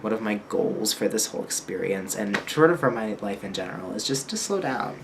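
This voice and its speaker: A man's voice: lowish voice, lively intonation, fairly quick, vocal fry. A young American man chatting casually in a travel vlog, rambling and laughing often into a handheld camera. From United States. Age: young adult. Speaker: vlogger. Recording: loud background noise.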